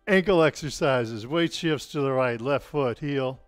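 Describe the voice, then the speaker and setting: A man teaching a live-streamed tai chi class at home, calmly calling out movements and telling deadpan puns to an audience he can't hear. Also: mid-range voice, no echo. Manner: calm cueing of movements mixed with deadpan puns.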